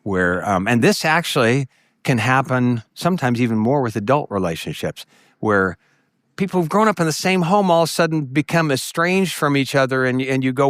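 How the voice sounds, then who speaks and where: A middle-aged man speaks to a conference of ministry workers, telling stories and voicing the people in them. His voice sits in an ordinary middle pitch. The sound is dry and close, with no room echo. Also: animated, moderate pace, a bit bright. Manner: storytelling, acts out quoted voices with jumps in pitch.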